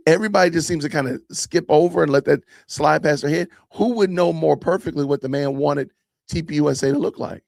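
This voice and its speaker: A podcast host reacting to a clip, emphatic and sarcastic, repeating phrases for effect. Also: male voice, a little high, gravelly, a little mellow, dry recording, studio quality. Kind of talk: reaction commentary.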